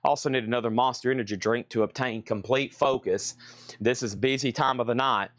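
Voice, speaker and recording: A man's voice: mid-range voice, fairly even intonation, fairly bright tone, no echo. Guy running a live record sale stream, rattling off prices and bids, close dry sound. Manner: brisk running price calls, chatty asides. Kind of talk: live-stream sales patter.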